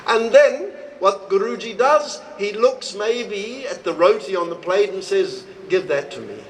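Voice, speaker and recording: Slow high-voiced man giving a sermon. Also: slight background noise, rough recording. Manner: slow, storytelling, acts out dialogue with expressive rises in pitch. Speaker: swami giving a spiritual talk. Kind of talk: devotional talk to a live audience. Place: retreat hall, recorded live.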